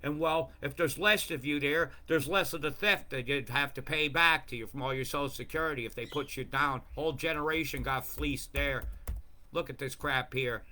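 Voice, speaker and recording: A man giving a rambling, profane commentary over weather maps, swinging between mumbled asides and loud rants. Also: medium pitch, normal speed, slight background noise. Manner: profane, ranting, jumps between mumbling and bursts.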